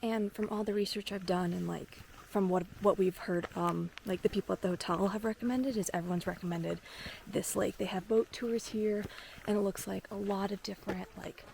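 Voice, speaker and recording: A woman travel vlogger gushing excitedly and saying "like" a lot, filmed outdoors at a lakeside lodge on a handheld camera. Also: mid-range voice, normal speed, creaky. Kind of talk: casual travel vlog. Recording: noisy outdoor ambience.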